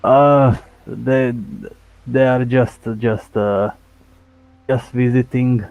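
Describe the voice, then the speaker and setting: A man playing a boastful male goblin pirate captain in a tabletop game, speaking haltingly with many restarts. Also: medium pitch, steady tone, no room sound, dull audio. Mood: blustering.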